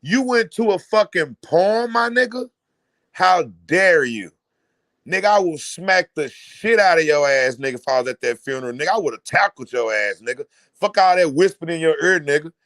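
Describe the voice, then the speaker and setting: A man doing loud, mocking, profane reaction commentary, often mimicking others. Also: on the high side, animated, fairly quick, dry recording, studio quality. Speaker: commentary host.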